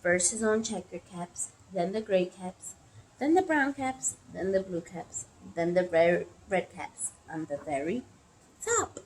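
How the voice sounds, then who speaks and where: Slow, expressive woman storyteller. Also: lowish voice, a little hiss or hum, poor audio. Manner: expressive, gasping at story moments. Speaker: storyteller for children. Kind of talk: reading a picture book aloud.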